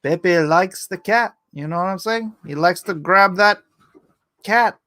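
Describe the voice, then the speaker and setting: A man's voice: high-pitched, a little slow, bright, forceful tone. A man hosting a live stream, chatting casually and rambling, who jokes and slips into goofy cartoon impressions. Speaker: host.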